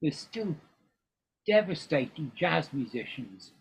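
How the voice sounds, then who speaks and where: A man's voice: on the high side, big pitch swings, slow pace, husky. An older man chatting as a guest in an interview, talking in a rambling way with frequent ums and restarts. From England. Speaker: guest musician. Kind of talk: casual interview chat. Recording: dull lo-fi recording.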